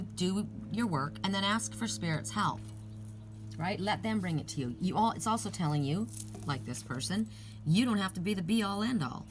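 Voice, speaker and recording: A woman's voice: lowish voice, slight background noise. A woman giving a casual spiritual card reading, rambling and reassuring, with asides and restarts. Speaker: oracle card reader.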